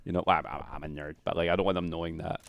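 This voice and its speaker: A Scottish man from Scotland in casual chat, animated and self-mocking, swearing freely. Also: sits low, very fast, creaky, no echo.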